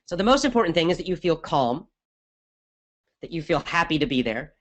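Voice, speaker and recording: Energetic middle-aged man teaching on a podcast. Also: a little high, fairly quick. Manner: energetic, emphatic, conversational. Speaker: English teacher and podcast host. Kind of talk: solo podcast answering listener questions.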